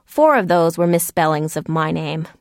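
Low-voiced woman narrating a storybook. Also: expressive, moderate pace, no room sound, studio quality. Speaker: audiobook narrator. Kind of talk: first-person storybook narration.

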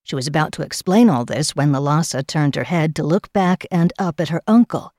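A woman narrating an audiobook in a measured storytelling manner. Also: deep voice, a little mellow, no room sound, studio quality. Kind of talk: scripted narration.

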